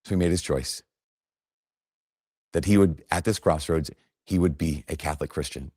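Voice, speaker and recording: A man's voice: extremely low pitch, normal speed, dark tone, no echo, clean studio sound. A man preaching a sermon, telling a story earnestly and rising in emphasis at key points.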